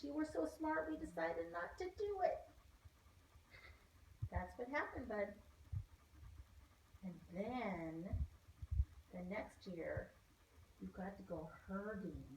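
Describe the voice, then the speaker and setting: A woman with a fairly high voice talks to her dog in a coaxing, sing-song way, telling him his own story. She sounds a little distant from the mic, in an echoey room with faint background noise. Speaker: dog owner. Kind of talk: storytelling to a pet.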